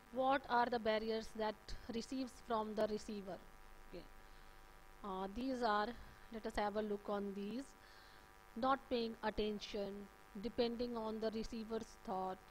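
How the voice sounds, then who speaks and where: A woman's voice: a little high, a little hiss or hum, poor audio. A woman with an Indian English accent giving a classroom lecture, explaining points with many "uh"s and "okay" checks. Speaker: teacher. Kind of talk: classroom lecture on communication skills.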